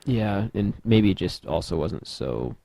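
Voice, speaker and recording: A man's voice: fairly low pitch, big pitch swings, unhurried, gravelly, mellow, no echo. A young man co-hosting a casual podcast, dropping dry, wisecracking asides. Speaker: podcast co-host.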